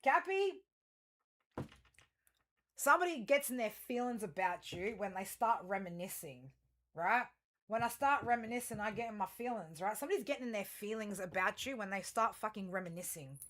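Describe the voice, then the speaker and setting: A woman's voice: medium pitch, expressive, normal speed, fairly bright tone. Rambling, foul-mouthed woman tarot reader. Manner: rambling, profane, talks straight to viewers; chatty, self-interrupting, frequent fillers. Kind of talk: casual solo reading for viewers.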